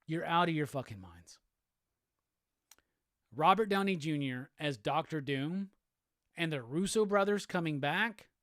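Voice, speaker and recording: A man's voice: a little high, a bit bright, dry recording, clean studio sound. A man hosting a solo show, ranting angrily with heavy profanity and repeated phrases. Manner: profane, repetitive, heated. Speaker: host. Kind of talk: angry solo commentary rant.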